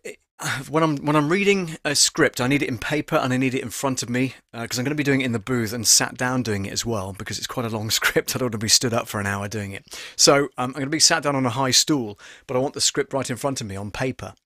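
Man, voice actor, casual live-stream lesson, mid pitch, dry studio sound. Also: fast, dry recording. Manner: chatty and animated, with many fillers. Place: home studio booth. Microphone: studio microphone at close range.

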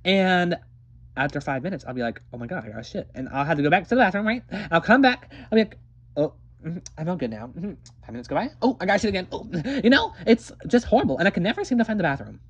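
Performer as an ostrich puppet, husky and crude, voice leaping all over the place. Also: medium pitch, sing-song, quick pace, highs cut off. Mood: rambling. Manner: rambling, crude, joking. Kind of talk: comedic puppet-show acting.

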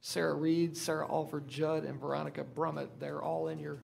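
Man, very gravelly and creaky voice, fairly high pitch, losing his voice, hesitant with lots of filler words and restarts, school board presentation, faint background hum. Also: flat delivery, brisk, darkish tone. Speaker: school superintendent. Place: meeting room.

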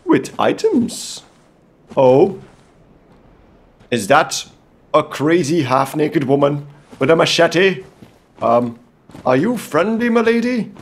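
A man's voice: fairly high pitch, big pitch swings, slow pace, long pauses. A man from Belgium doing in-character gameplay commentary, theatrical and playfully gallant, with comic outbursts. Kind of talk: in-character let's-play commentary.

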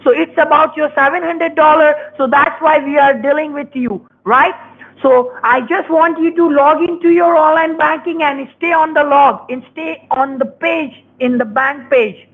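Pushy high-voiced woman on a muffled phone line. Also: steady tone, normal speed. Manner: pushy, repetitive, broken English. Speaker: phone scammer. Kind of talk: phone call.

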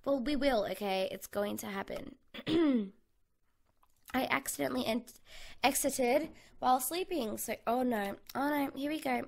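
This gaming channel host, a young Australian woman, gives casual gameplay commentary on a survival game from her bedroom, thinking aloud in a bubbly way. She speaks at a measured pace in a high, slightly mellow voice with vocal fry, captured on a USB condenser mic.

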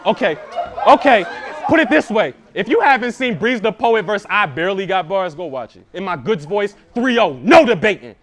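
A man's voice: sits high, expressive, a little fast, fairly bright tone. A young man performing a live battle rap verse, punchy and confrontational, repeating lines for emphasis. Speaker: battle rapper.

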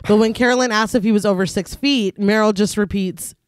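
A woman's voice: mid-range voice, a little fast, smooth, dry recording, studio quality. A woman co-host of a podcast, narrating a film's plot in a casual recap and laughing often.

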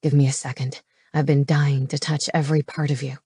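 A tender, teasing man speaks in a low, hushed voice, as a woman narrator puts him on. He sounds soft-spoken and unhurried, in a dry, close audiobook recording. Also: little pitch movement, slightly rough, dry recording.

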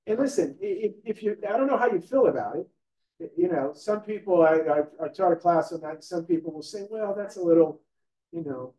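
A man's voice: high-pitched, lively intonation, brisk, dark tone. A man teaching a live training class in a conversational way, often asking the room questions and checking in with "right?". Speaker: real estate trainer. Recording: echoey room recorded from a distance.

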